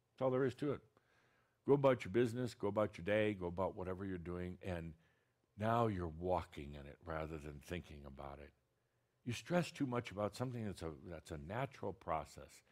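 Blunt, teasing man with a low voice. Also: animated, a little fast, darkish tone. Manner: blunt, direct and teasing, with many restarts. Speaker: channeler speaking as a spiritual teacher. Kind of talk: channeled spiritual talk to an audience.

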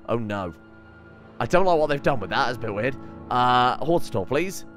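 A man's voice: mid-range voice, very animated, brisk, fairly bright tone, faint music behind. Chatty man commenting on gameplay. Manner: chatty, swearing, thinking aloud. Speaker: let's play host.

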